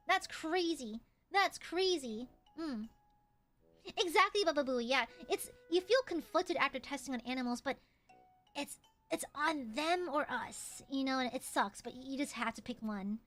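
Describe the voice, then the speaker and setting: A young woman streaming, chatting casually with her chat, swearing freely and squealing when excited. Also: sits high, normal speed, soft background music.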